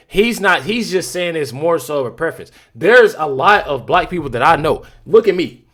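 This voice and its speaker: A man's voice: a little high, animated, normal speed, few pauses, fairly bright tone. A man giving casual commentary on a clip, rambling with many restarts and repeated phrases. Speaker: reaction streamer.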